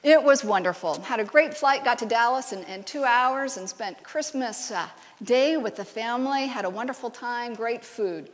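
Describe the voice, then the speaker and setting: A woman's voice: a little high, normal speed. A woman giving a conversational sermon, telling stories and bantering with the congregation in a church sanctuary. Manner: lively storytelling, banters with the congregation. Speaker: preacher. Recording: long church hall reverb.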